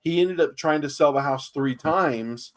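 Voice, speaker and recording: His voice a little high and his pace a little slow, a San Antonio, Texas man rambles casually on a podcast about real estate deals he's been part of. He acts out what people said, with many fillers along the way.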